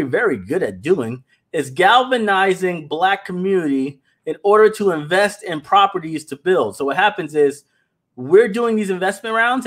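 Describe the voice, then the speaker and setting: A man with a high-sitting voice hosts a laid-back livestream for his animation company. He's animated, addresses his viewers directly, and tends to repeat words.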